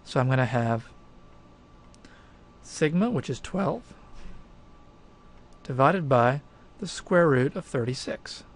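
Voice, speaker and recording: A man's voice: medium pitch, expressive, takes it slowly, long pauses. A man teaching statistics, walking through a problem step by step in a conversational, emphatic way. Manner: conversational, emphatic, thinks aloud with fillers. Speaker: math instructor. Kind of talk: recorded lecture walkthrough.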